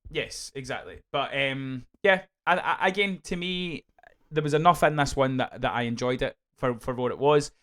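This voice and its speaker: A Scottish man co-hosting a podcast, reviewing a film in casual, animated chat full of swearing and restarts. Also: mid-range voice, normal speed, clear, resonant tone. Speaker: podcast co-host.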